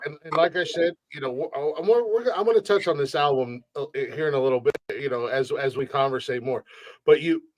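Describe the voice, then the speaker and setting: A man's voice: fairly high pitch, a little fast. Rambling, profane man hosting a podcast. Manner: rambling, profane, many restarts. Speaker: podcast host. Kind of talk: casual podcast chat. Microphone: remote call setup.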